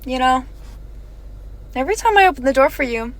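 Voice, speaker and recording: Girl doing a pushy date guy voice, low n quiet, kinda bossy. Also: expressive, a little fast, slight background noise. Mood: smug. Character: pushy controlling young man on a date.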